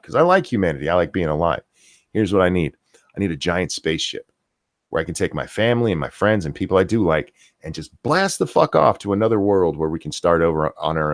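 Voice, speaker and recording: A man's voice: on the low side, no room sound, clean studio sound. A middle-aged man ranting profanely on a casual live stream, reading viewer comments aloud as the host.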